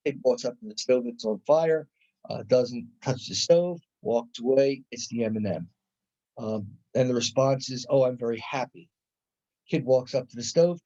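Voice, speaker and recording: A man's voice: mid-range voice, dark tone. A middle-aged man giving a conversational college psychology lecture, often restarting his sentences and acting out examples. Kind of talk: classroom lecture. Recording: dull lo-fi lecture recording.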